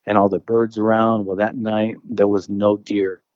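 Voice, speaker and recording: A man's voice: on the low side, little pitch movement, moderate pace, no room sound, muffled recording. A man casually telling a personal encounter story as a guest. He rambles, restarts his phrases and keeps saying dude and bro.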